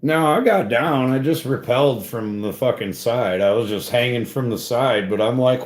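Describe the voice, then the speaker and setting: Here the tree-climbing story comes at normal speed with hardly any pauses, in a medium-pitched male voice. He chats casually with a live chat from an echoey room, rambling, swearing and saying "bro" and "dude."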